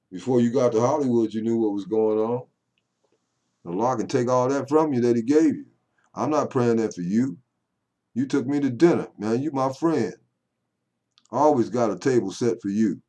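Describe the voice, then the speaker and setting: A man's voice: mid-range voice, dark tone. An older man talking at home to camera in a rambling, folksy monologue that swings into call-and-response preaching. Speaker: poet vlogger.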